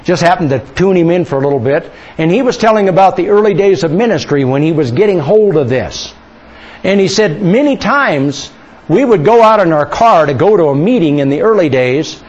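A man preaching a sermon, asking the congregation questions and slowing down for emphasis. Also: a little high, animated, darkish tone. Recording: dull lo-fi sermon recording.

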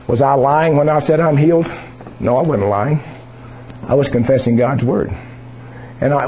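A man's voice: mid-range voice, dark tone, a little hiss or hum. A man preaching an informal sermon in a conversational, emphatic way, often repeating phrases for stress.

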